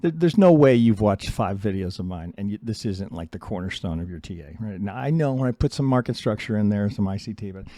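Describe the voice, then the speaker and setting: Blunt, animated man teaching trading charts. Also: lowish voice, brisk, few pauses, dry recording, studio quality. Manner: blunt, animated, mocks trader voices. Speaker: trading educator. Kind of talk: casual live chart analysis.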